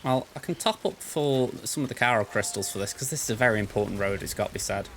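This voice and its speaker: A man's voice: medium pitch, quick pace, a bit bright, slight background noise. Chatty man narrating his gameplay. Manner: chatty, thinks aloud; playful, self-described goofball. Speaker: let's play host. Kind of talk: gameplay commentary.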